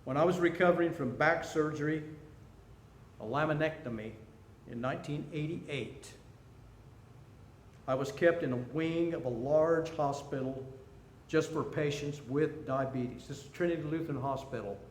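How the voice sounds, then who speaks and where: A man in his sixties giving a seminar talk, telling stories and jokes with animation. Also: a little high. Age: 60s. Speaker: seminar speaker. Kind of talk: storytelling talk. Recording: echoey room, faint noise.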